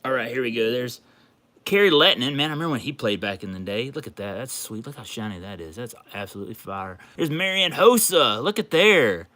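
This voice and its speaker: Male livestream host, bright, gushing, excitable; casual chat. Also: mid-range voice, fairly quick. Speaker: card collecting livestream host. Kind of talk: casual livestream chat while opening a package.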